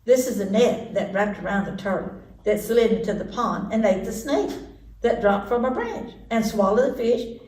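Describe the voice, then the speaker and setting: A woman reads a picture book to children in a lively, playful way, adding sound effects as she goes. Her voice sits at a medium pitch. The room is echoey and she is some distance from the mic. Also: moderate pace. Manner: animated, lively read-aloud with sound effects. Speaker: library storytime reader. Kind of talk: children's storytime reading.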